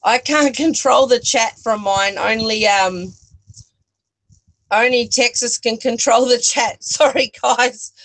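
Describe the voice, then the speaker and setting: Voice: medium pitch, slow, a bit bright, low-quality recording. A person with an Australian accent chatting casually on a livestream from their bedroom, giggling often and talking straight to the viewers through a phone on a selfie stick. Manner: giggly, chatty, talks to the chat. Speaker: livestream co-host. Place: own bedroom.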